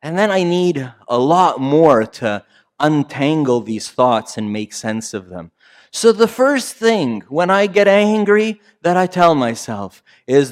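Middle-aged male pastor, casual sermon delivery, higher-pitched, rises to emphatic bursts and drops to soft asides. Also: sing-song, takes it slowly. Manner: conversational preaching with frequent "right?" asides.

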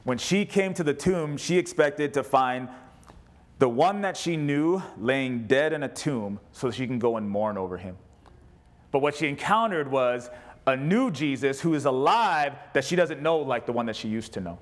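A man's voice: medium pitch, lively intonation, moderate pace. A man preaching a sermon to a congregation, reading scripture aloud and mixing in jokes. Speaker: pastor. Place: church service with congregation.

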